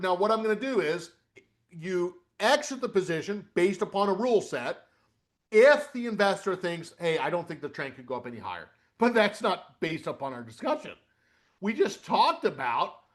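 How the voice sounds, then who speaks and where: Middle-aged male webinar coach, high-pitched, lively, walks through a screen while quizzing the audience. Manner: animated, repeats "okay?" and asks questions out loud. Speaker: trading coach. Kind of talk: live webinar instruction.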